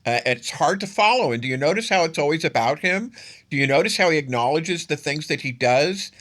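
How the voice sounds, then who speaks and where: A man hosting his own political commentary show, talking in a bright, forward voice. He leans hard on his points and repeats phrases to drive them home. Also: fairly high pitch, expressive, brisk. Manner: emphatic, repeats phrases for stress.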